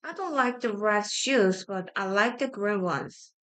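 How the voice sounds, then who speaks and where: A woman whose first language is Korean, reading simple grammar practice sentences aloud, repeating each one with halting restarts. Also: medium pitch, lively intonation, a bit bright. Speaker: study-with-me streamer.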